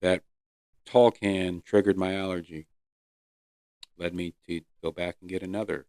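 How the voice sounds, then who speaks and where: A man hosting his own podcast, earnestly telling his personal recovery story with pauses and fillers. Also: low voice, little pitch movement, mellow, clear, resonant tone, no echo, clean studio sound. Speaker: podcast host. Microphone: close podcast mic.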